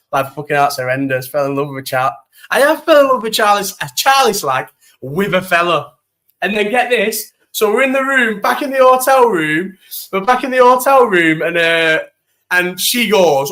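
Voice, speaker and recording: Bright-voiced young man chatting. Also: high voice. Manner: animated, swears freely, talks to live chat. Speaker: live stream host. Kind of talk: casual storytelling chat.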